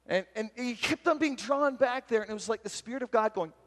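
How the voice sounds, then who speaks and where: A man giving a retreat sermon, telling a story and acting out its voices with lively energy. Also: very high voice, a little fast, slight background noise. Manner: animated, acts out voices in stories. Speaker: retreat speaker. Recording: long hall reverb.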